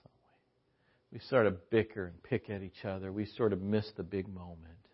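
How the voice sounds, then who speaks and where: A man preaching a sermon as an animated, joking storyteller, on a dull lo-fi recording. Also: on the low side, moderate pace, breathy edge.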